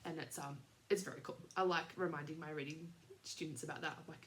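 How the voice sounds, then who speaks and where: A woman's voice: low voice, steady tone, fast talker, a bit bright, slight background noise. An Australian woman in her thirties hosting a podcast, chatting casually in a rambling way with lots of fillers and little laughs. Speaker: podcast host. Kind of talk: casual chat.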